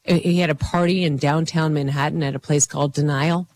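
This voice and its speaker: A man's voice: fairly high pitch, steady tone, fairly quick, slight background noise. A man co-hosting a sports talk show, chatting casually and joking with his co-hosts, rambling with fillers. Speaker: sports radio co-host.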